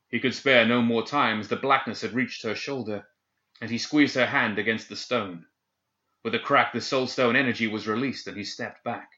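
A man narrating a dark fantasy story in a measured, dramatic reading. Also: mid-range voice, reverberant. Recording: dull lo-fi recording.

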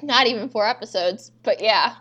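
A woman's voice: a little high, moderate pace, a bit bright, dull audio. A young woman co-hosting a podcast, animatedly retelling TV scenes with quoted dialogue and frequent swearing. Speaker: podcast co-host recapping episodes. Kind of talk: casual chat.

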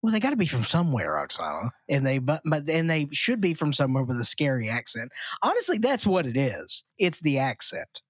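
A man's voice: a little high, wildly swooping pitch, brisk, few pauses, fairly bright tone, dry recording, studio quality. A middle-aged man co-hosting a podcast in casual chat, rambling and joking at his own expense. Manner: rambling, jokey, self-mocking. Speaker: podcast co-host.

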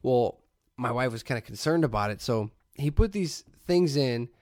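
Animated storytelling man, dry sound. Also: mid-range voice, normal speed, no echo. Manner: animated storyteller, acts out quoted voices, swears, laughs often. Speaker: podcast co-host. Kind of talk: casual storytelling chat. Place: brewery.

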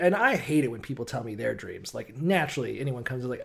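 A man co-hosting a casual podcast, retelling stories in a profane, animated way. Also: medium pitch, quick pace, creaky, hardly any pauses, husky. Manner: profane, animated storytelling with laughs. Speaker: podcast co-host. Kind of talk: casual chat.

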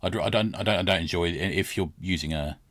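A man with a very low voice hosts a relaxed podcast chat. His voice sits close and dry, and he nudges his guest along with easy questions and "isn't it?" tags. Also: fast talker, no room sound. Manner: friendly, prompting questions, tag questions. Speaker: podcast host. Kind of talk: casual podcast interview.

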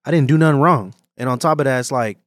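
A man hosting a podcast, talking in a relaxed, casual way and often checking in with his guest. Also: medium pitch, fast, no room sound, clean studio sound. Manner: relaxed, backchannels often, says "you know what I'm saying". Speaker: podcast host. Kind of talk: casual conversation.

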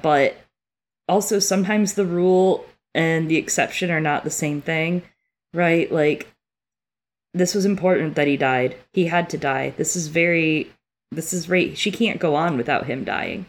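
Her voice sits low and runs a little slow. As a co-host on a laid-back book podcast, this woman reads passages aloud, swears freely, and reacts with emotion, even tearing up while reading.

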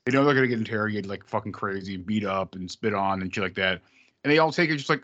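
A man's voice: on the low side, fast, a bit bright. A man co-hosting a casual podcast movie review, rambling with lots of fillers and casual swearing. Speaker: podcast co-host. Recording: slightly dull lo-fi sound.

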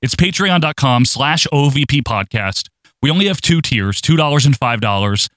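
A man's voice: mid-range voice, lively intonation, normal speed, fairly bright tone, dry recording. A man hosting a casual podcast, talking in an upbeat, announcer-like way. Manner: upbeat, announcer-like sing-song intro. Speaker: podcast host.

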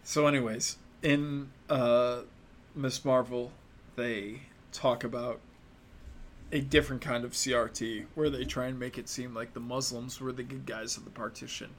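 A man's voice: medium pitch, little pitch movement, measured pace, a little hiss or hum. A young American man giving opinionated, casual commentary in a sarcastic, mocking and profane way. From United States.

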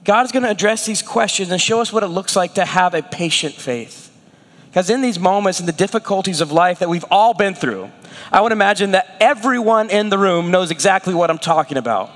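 A man's voice: high voice, expressive, fairly quick, a bit bright, big-room sound. A man preaching a sermon as a pastor, acting out the prayers and words of the people he talks about.

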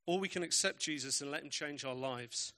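Bright-voiced man preaching. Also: fairly high pitch, fairly quick. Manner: storytelling, emphatic, varied pacing. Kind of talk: sermon.

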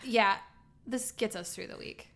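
A woman's voice: a little high, unhurried, vocal fry, fairly bright tone. A woman co-hosting a podcast, telling stories animatedly and laughing easily. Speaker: podcast co-host. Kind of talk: casual chat.

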